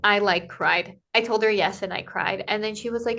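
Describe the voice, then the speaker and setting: Woman, mid pitch, casual podcast storyteller, acts out quotes, talks loosely with lots of fillers. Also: a little fast, gravelly. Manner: animated, acts out quoted dialogue, many "like" fillers. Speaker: podcast guest, Camino pilgrim.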